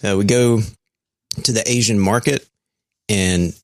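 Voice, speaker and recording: A man's voice: on the low side, fairly even intonation, a little slow, darkish tone, dry recording. A man from Alabama co-hosts a podcast from home in a laid-back, rambling way. The recording is dry and close, with no room sound. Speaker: podcast co-host. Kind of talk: casual chat.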